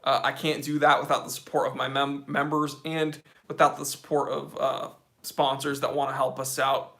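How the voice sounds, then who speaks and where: A man's voice: medium pitch, flat delivery, normal speed, fairly bright tone. A man hosting a casual live question-and-answer stream about watches, chatty and rambling with frequent fillers. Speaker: watch channel host.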